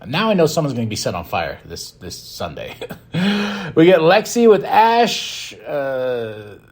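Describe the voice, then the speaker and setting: Animated man hosting a rambling podcast recap. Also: fairly high pitch, slow pace, breathy edge. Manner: excitable, rambling, breaks into laughs. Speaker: podcast host. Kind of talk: casual wrestling show recap.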